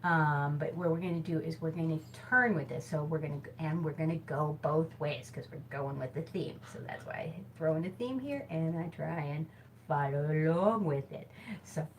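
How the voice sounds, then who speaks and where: A woman's voice: low-pitched, normal speed, slight background noise, poor audio. A woman casually teaching hula hoop exercises on camera in a small room, chatty and giggly, with lots of fillers. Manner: chatty, giggly, self-deprecating with many fillers. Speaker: hoop fitness instructor. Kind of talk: casual instructional video. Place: small temporary office space by a back door. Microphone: camera mic, moving around while hooping.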